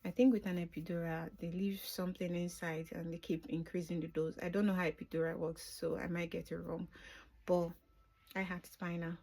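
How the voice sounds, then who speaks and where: Speaking a little fast in a lowish, dark voice with a level tone, a middle-aged woman recounts her birth story off the cuff for her vlog. She's emotional throughout, her voice sinking to a whisper during the tender parts.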